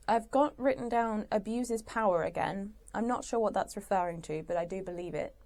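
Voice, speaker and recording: A young woman speaks close to her mic at a middle pitch. She rants about a TV character with dry sarcasm and plenty of swearing. She keeps doubling back into rambling asides. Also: brisk, gravelly, hardly any pauses, darkish tone. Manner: sarcastic, exasperated, swears freely. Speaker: channel host. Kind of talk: ranting commentary.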